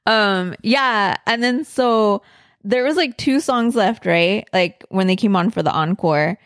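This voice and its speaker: A woman's voice: mid-range voice, unhurried, dry recording, studio quality. A woman telling a story in a casual chat with her husband, full of fillers and swearing. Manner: swears a lot, many fillers.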